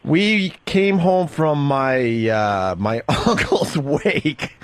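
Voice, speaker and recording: A male radio host telling a long personal story in casual talk, halting and rambling, laughing nervously through grim parts. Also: on the high side, lively intonation, no echo.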